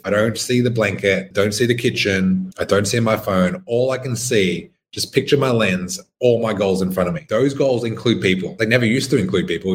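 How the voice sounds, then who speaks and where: A young man hosting a podcast, giving a blunt, swearing motivational monologue. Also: fairly low pitch. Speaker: podcast host.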